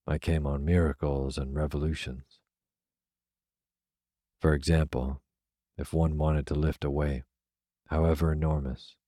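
A man reading a classic novel aloud as a soft, unhurried bedtime story. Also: a bass voice, no echo, studio quality. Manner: soft, even, unhurried delivery. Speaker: narrator. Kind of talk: slow, soothing sleep-story reading.

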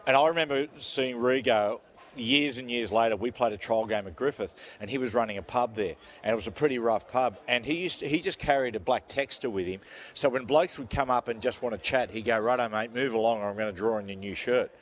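An Australian man hosting a morning radio show, telling stories in a jovial, animated way. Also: medium pitch, a little fast. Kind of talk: casual radio banter.

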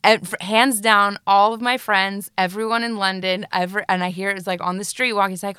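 Chatty American woman, smooth voice. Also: medium pitch, fairly even intonation, a little fast, few pauses, bright, forceful tone, no echo, clean studio sound. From United States. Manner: bubbly, chatty, lots of fillers and laughs. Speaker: guest, Broadway actress. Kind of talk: casual interview chat.

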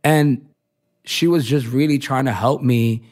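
A man's voice: mid-range voice, measured pace, a little mellow. Chatty man telling personal stories. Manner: chatty storytelling, many filler likes. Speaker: fashion designer guest. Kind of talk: casual interview chat.

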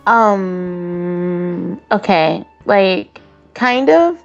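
A woman co-hosting a casual podcast chat, animated and profane, with a constant "like" in her talk. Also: on the low side, extremely slow, vocal fry, no echo, highs cut off, soft background music. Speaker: podcast co-host.

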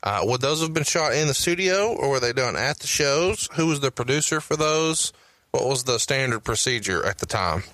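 Southern male podcast host, methodical questioner, crisp forward tone. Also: medium pitch, animated, moderate pace, a bit bright, dry recording. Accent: Southern US, Alabama. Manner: methodical, reads out dates and questions. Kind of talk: interview with research recap.

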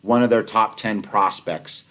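A man co-hosting a casual sports talk show, analytical and animated, laughing easily. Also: lowish voice, unhurried. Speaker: podcast co-host.

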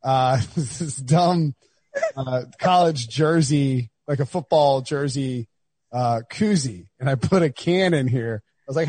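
A man co-hosting a podcast, rambling through casual banter with frequent laughs and quick asides. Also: mid-range voice, a little mellow, breathy edge, no echo. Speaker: podcast co-host.

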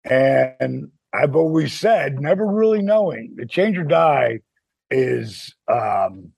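A man in his sixties co-hosting a podcast in casual chat, animated and quick to laugh. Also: medium pitch, vocal fry, husky, no echo. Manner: animated storyteller, laughs often. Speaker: podcast co-host.

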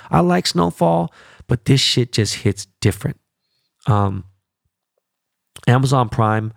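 A man hosting his podcast on his own, talking casually with a lot of swearing and animated, rambling asides. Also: lowish voice, vocal fry, no echo, studio quality. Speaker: podcast host. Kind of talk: casual solo podcast chat.

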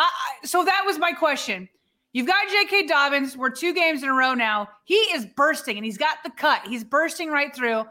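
A woman's voice: high voice, pushed and bright. A woman co-hosting a sports podcast, chatting casually and building up her questions to a guest. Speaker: podcast co-host.

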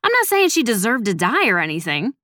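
A woman's voice: fairly high pitch, wildly swooping pitch, a little fast, sharp tone, no echo, clean studio sound, voice pushed up, heavily acted. A woman narrator voicing a sixteen-year-old girl who talks in a whiny, subdued way. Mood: sullen.

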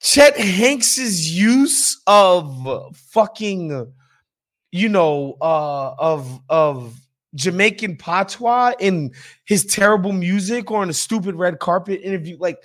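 Blunt, high-voiced podcast host. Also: male voice, slow pace. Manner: blunt, profane, animated. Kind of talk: casual opinionated chat.

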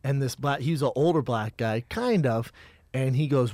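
A young man from Colorado telling a story in a casual chat, animated and profane, acting out the other people's lines. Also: medium pitch, normal speed, no echo, clean studio sound.

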